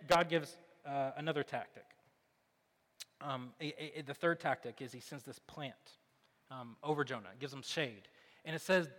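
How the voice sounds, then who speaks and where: Bright-voiced man preaching in a reverberant hall. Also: a little high. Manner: animated storytelling, acts out quotes. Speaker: pastor. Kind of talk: sermon.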